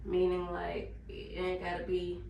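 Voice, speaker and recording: A woman's voice: lowish voice, monotone, a little slow, vocal fry, distant mic, dull audio, noisy background. A woman from Memphis with a Southern accent, chatting casually to viewers while she cleans up in her home kitchen. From Memphis, Tennessee. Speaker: vlogger. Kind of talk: casual lifestyle vlog. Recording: roomy, from off the mic.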